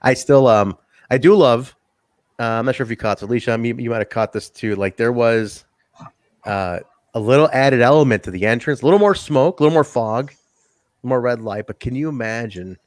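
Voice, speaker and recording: A man co-hosting a casual wrestling review podcast, animated and profane, laughing often. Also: medium pitch, brisk, no echo, clean studio sound. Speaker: podcast co-host.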